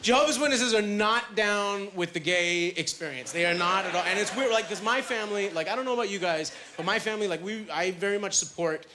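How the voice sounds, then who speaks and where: Background noise accompanies a man's high-pitched stand-up routine at a club. He talks in a chatty, self-deprecating way, dropping plenty of filler words and quick asides.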